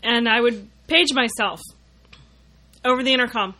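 Brief: woman, somewhat high bright voice, chatty and amused co-host. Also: normal speed. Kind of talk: casual chat.

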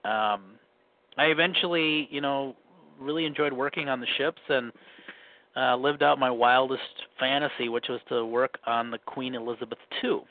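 A man with a faint Minnesotan accent casually recounts his life as a guest, rambling and correcting himself along the way. His mid-range voice moves at a moderate pace in relaxed conversation. The audio has a narrow, phone-like band.

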